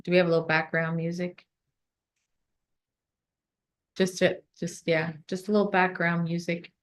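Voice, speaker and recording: A woman giving a motivational talk in a conference room, then leading a guided visualization in a calm, soothing way. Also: fairly low pitch. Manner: warm, slow and soothing when guiding the meditation. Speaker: motivational speaker. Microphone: phone.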